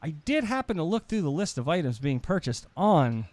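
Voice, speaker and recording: Laid back guy host doing the sponsor reads, kinda halting, dry close mic. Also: on the high side, sing-song, darkish tone, no room sound. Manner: easygoing, halting, with fillers. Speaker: podcast host. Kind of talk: casual podcast chat with sponsor reads.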